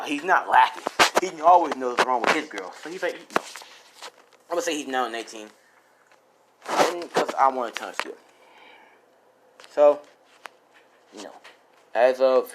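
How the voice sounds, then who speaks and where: A man casually improvising a fan story out loud, rambling with many fillers and restarts. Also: mid-range voice, lively intonation, moderate pace, pauses often, slight background noise, rough recording.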